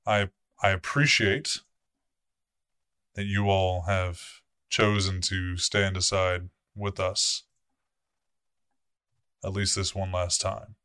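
A male vampire prince, played by a man at the table, who lays down orders in a measured, authoritative tone and swears without softening. The voice is bright and forceful, set against a dry, close sound. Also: low voice, level tone, smooth, no echo, heavily acted. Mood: grave. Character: commanding vampire prince, male, cold and formal.

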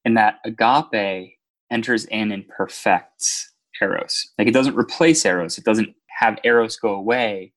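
A man's voice: fairly low pitch, a little slow, fairly bright tone. A man co-hosting a casual faith podcast, earnestly explaining ideas in a teaching tone. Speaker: podcast co-host.

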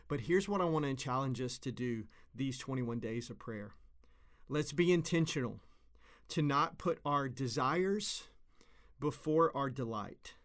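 Pastor, male, 30s, earnest and conversational, repeats phrases for emphasis, mid-pitched. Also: fairly bright tone. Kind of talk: devotional sermon.

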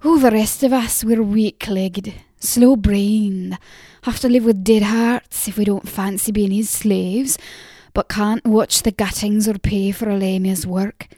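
A woman voicing a gossipy, impatient old peddler woman who talks in a loud, rustic, chattering way in an audiobook. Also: mid-range voice, fairly even intonation, a little slow, dry recording, clean studio sound, natural voice. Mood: gossiping. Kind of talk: audiobook character voice.

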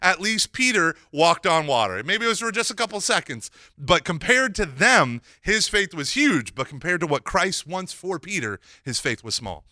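A man giving a lively Catholic teaching talk, mixing casual slang with scripture and acting out the dialogue he retells. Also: high voice, moderate pace, no room sound, studio quality. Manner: animated, acts out quoted dialogue.

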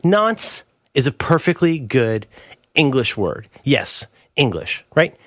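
Middle-aged male co-host, animated and joking, dry close sound. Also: mid-range voice, slow pace, dry recording. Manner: playful, riffing, joking. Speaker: podcast co-host. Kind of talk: casual chat.

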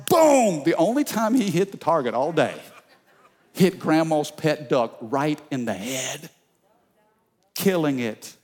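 A male pastor preaching a sermon, telling stories in an animated way and calling out to the congregation. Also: high-pitched, creaky. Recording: long church reverb.

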